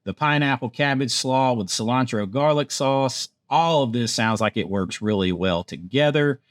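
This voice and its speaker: A man's voice: mid-range voice, moderate pace, dry recording. Male vlogger, mid-range voice, dry close recording, chatty and self-mocking. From Georgia, USA. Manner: chatty, self-deprecating, stumbles over foreign words. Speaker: theme park vlogger. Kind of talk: casual menu rundown.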